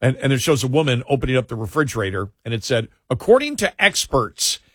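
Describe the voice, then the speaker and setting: A man's voice: medium pitch, very fast, husky, no room sound, studio quality. A middle-aged man hosting a talk radio show, telling a story with an amused, scoffing tone. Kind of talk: casual talk radio commentary. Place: radio studio.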